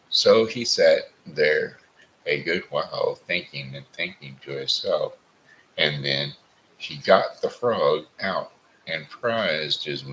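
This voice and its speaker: A man reads a folksy tale aloud in a very deep voice, slow and deliberate, now and then restarting a word. His tone is bright and a faint hiss runs underneath. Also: low-quality recording. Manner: deliberate reading with frequent restarts. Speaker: host reading a story aloud. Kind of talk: storybook reading.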